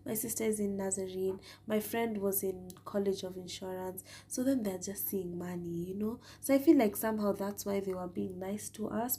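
Kenyan girl in her 20s podcasting, casual storytime, warm husky tone. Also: mid-range voice. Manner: chatty and animated, Swahili words mixed in. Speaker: podcast host.

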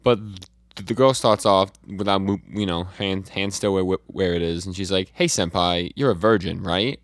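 Low-voiced guy chatting about comics on a podcast, lots of likes and ums, dry sound. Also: moderate pace, no room sound. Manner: reads out comic dialogue in a flat retelling, with fillers and restarts. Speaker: podcast co-host. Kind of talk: casual chat recapping comics.

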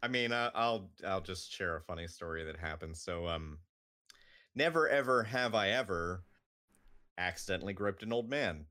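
A man's voice: low voice, expressive, moderate pace, sharp tone. A man co-hosting a podcast, telling a travel story in casual chat, with lots of "like" and "um". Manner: rambling with many fillers, like and um. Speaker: podcast co-host.

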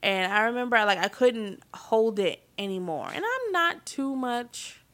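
A woman in her thirties casually telling a personal story, getting animated and loud at emotional moments. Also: on the high side, a little slow. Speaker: vlogger telling a family story.

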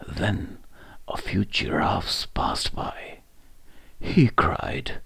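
Slow, gravelly man reading a children's story. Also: deep voice, lively intonation, no room sound. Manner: soft half-whispered reading.

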